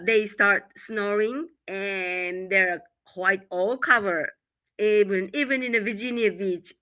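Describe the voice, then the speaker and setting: A middle-aged woman from Japan, co-hosting a live podcast from home. She sounds stuffy from a cold and talks haltingly, with many fillers and laughs. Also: on the high side, sharp tone, rough recording. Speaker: podcast co-host. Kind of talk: casual live podcast chat. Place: home in winter. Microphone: computer mic.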